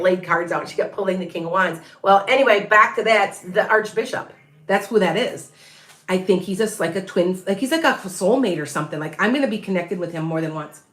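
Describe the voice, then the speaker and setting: A woman's voice: on the low side, a bit bright. Middle-aged woman, tarot reader, loose rambling livestream chat with viewers. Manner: rambling, chatty, many restarts and asides.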